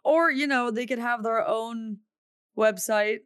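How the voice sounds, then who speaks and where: A woman's voice: a little high, a little slow, a bit bright, clear, resonant tone, no room sound, clean studio sound. A woman co-hosting a casual gaming podcast, teasing her partner and giving blunt opinions. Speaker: podcast co-host.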